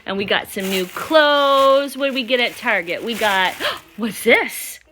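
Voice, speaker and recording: Lady vlogging at home, high bright voice, slow sing-song baby talk to a toddler. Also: sing-song, a little hiss or hum. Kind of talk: casual home vlog. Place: home indoors.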